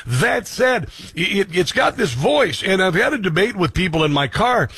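A man hosting talk radio with a slightly raised, husky voice. He banters and jokes at his own expense between points. The sound is dry and close. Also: high-pitched, big pitch swings, fairly bright tone, dry recording. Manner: joking, self-deprecating, quick asides. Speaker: radio talk show host.

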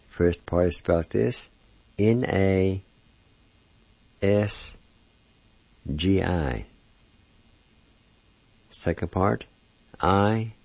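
A man's voice: sits low, a little mellow, no echo. A man teaching a language lesson, carefully spelling and repeating each word in a dull lo-fi recording. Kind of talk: slow word-by-word pronunciation lesson.

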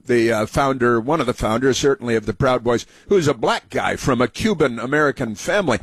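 Husky, rambling talk radio man. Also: medium pitch, no echo. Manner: rambling, with many uhs, sarcastic and scornful. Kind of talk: political talk radio monologue.

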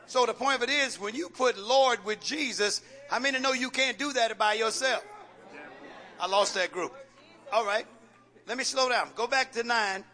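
Male pastor, very high voice, sharp tone, call-and-response sermon with teasing rhetorical questions. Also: moderate pace. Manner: preacher's rhetorical questions, coaxing and joking. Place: church sanctuary with congregation.

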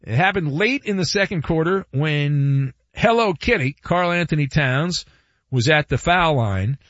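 A man hosts a sports talk radio show, riffing playfully with asides and repeated words. His slightly high voice swings widely in pitch. The studio sound is dry and a bit dull. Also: measured pace, dry recording. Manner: animated, wry and playful, with asides and repetition. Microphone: studio microphone.

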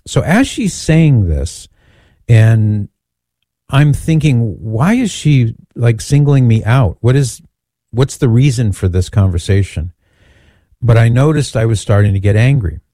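A Catholic speaker and author tells a personal story at a Christian event, conversational, candid and poking fun at himself. His mid-range, mellow voice has lively intonation and an unhurried pace, captured in a dry, studio-quality recording.

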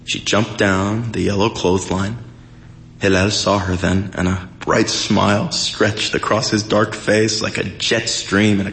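A man reading a literary short story aloud in a measured, expressive storytelling manner. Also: on the low side, gravelly, slight background noise, rough recording. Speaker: story reader.

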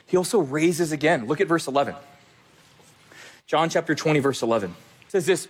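A man's voice: a little high, expressive, brisk, long pauses, husky. A male pastor preaching a sermon in an emphatic way, repeating phrases for stress.

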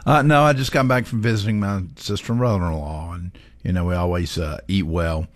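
A man co-hosting a talk radio show, joking around in a relaxed, easygoing way. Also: deep voice, brisk, no room sound. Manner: laid-back and joking, with easygoing fillers. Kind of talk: casual talk radio banter.

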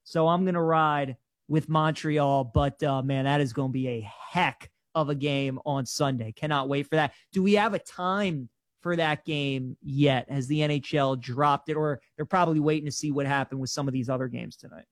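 A man with a slightly high voice co-hosts a live sports talk show. He gives animated, opinionated picks. The recording is close and dry, with no room sound. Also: moderate pace, no echo.

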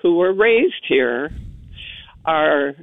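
A woman calling in to a talk radio show, speaking in an indignant, deliberate way. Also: low-pitched, lively intonation, dry recording. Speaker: caller. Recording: phone line.

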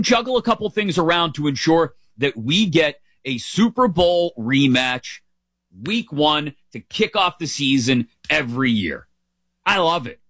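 A man's voice: a little high, sing-song, a little slow, a bit bright, dry recording. A middle-aged man hosting a sports show, giving casual, playful, opinionated commentary with a lot of emphasis. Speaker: sports podcast host.

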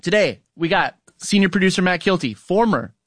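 A man's voice: high voice, lively intonation, fairly quick, a bit bright, dry recording, clean studio sound. A man co-hosting a podcast, laid-back and teasing, who laughs often in casual chat. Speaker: podcast co-host.

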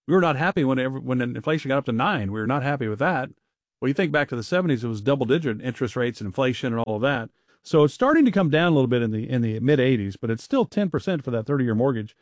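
Upbeat middle-aged guy hosting a radio show, rattles along quick, dry studio sound. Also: medium pitch, animated, no echo. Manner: upbeat, chatty, fast-talking. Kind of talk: casual radio chat.

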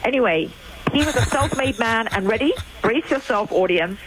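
A woman's voice: a little high, lively intonation, normal speed, noisy background. An older woman from England, a guest speaking emphatically and telling stories in a chatty way on a phone line. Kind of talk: call-in radio talk.

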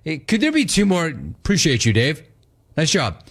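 Energetic, slangy sports-talk host. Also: male voice, on the high side, moderate pace.

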